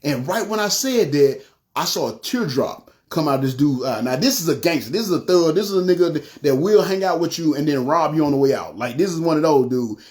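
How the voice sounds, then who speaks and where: A man, telling his personal testimony in an animated way, often saying "you know what I'm saying". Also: fairly high pitch. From North Memphis. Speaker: testimony speaker.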